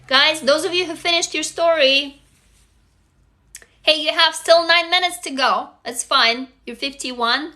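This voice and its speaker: A woman's voice: sits high, unhurried, sharp tone. A woman in her forties hosting a casual live stream, talking frankly and emphatically, swearing freely and reading viewer comments aloud. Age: 40s. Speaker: live stream host leading a writing group.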